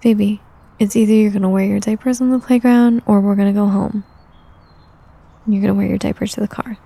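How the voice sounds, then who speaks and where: A young adult woman performing a whispered role-play, talking softly and soothingly like a coaxing caretaker. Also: mid-range voice, steady tone, a little fast, vocal fry, no room sound. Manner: soothing, coaxing caretaker talk, mostly soft and close.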